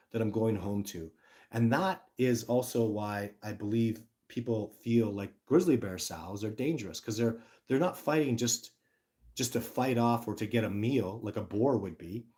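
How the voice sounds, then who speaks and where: A middle-aged man hosting a casual livestream, talking to viewers in an energetic, rambling way and often breaking off mid-sentence. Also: mid-range voice. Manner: energetic, rambling, self-interrupting. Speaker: livestream host, Sasquatch researcher. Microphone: phone camera.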